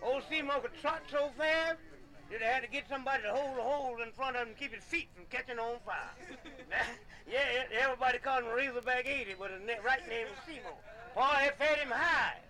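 A man's voice: very high voice, a little fast, bright, forceful tone, poor audio. A man telling comic folk stories in a folksy way, often laughing and repeating "yeah.". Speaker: storyteller.

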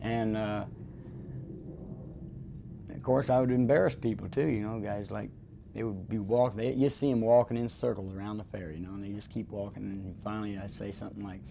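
A man who worked as a circus and carnival barker, talking about his work in an oral history interview and breaking into loud rhyming pitches. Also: fairly even intonation, brisk, vocal fry, slight background noise. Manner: rhyming showman patter, shouts pitches up high.

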